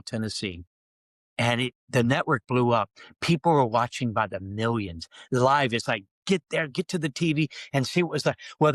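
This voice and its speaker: A middle-aged man, a pastor, telling a personal story on a podcast and acting out his own prayers, his voice climbing as he gets excited. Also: no echo. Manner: animated storyteller who acts out his own prayers, pitch rising when excited.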